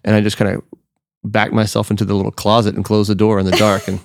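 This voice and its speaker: A man in his forties, a guest musician telling a family story in relaxed, casual chat. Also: fairly low pitch, fast talker, vocal fry, dry recording, clean studio sound. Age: 40s.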